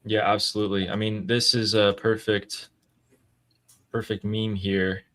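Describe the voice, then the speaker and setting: A man's voice: on the low side, flat delivery, unhurried, a bit bright. A man hosting a live news analysis stream, explaining breaking events in a matter-of-fact way. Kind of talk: casual live news commentary.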